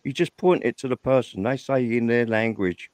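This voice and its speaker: A man from England chatting casually on a livestream in a relaxed, agreeable way, fond of recalling old stories. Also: medium pitch, moderate pace, clean tone, dry recording. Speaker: livestream co-host. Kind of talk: casual chat.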